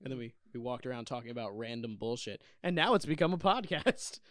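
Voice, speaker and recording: A man's voice: medium pitch, animated, a little fast, fairly bright tone, no echo, clean studio sound. Laid-back young man, easy laugh. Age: young adult. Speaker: podcast co-host. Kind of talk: casual chat.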